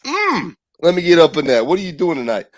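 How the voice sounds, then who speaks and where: A man's voice: fairly high pitch, huge pitch swings, a little fast, voice pushed up. A man voicing a street catcaller, with an exaggerated, drawling delivery. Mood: catcalling.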